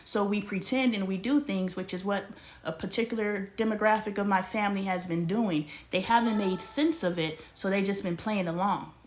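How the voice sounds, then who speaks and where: A woman's voice: mid-range voice, normal speed, few pauses. A middle-aged woman, speaking bluntly and emphatically about family in a personal vlog. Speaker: vlogger. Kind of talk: candid personal talk to camera.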